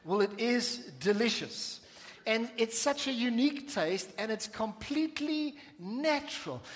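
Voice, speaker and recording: A man preaching a sermon to a church congregation, with playful asides and slowed-down emphasis on key lines. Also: sits high, fairly bright tone, big-room sound. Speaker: pastor. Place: church sanctuary.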